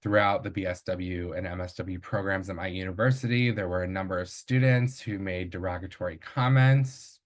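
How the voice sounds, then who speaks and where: A man with a fairly low voice gives a research presentation to colleagues. He speaks in a measured, unscripted way, pausing on fillers and correcting himself as he goes. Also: steady tone. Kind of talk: academic presentation.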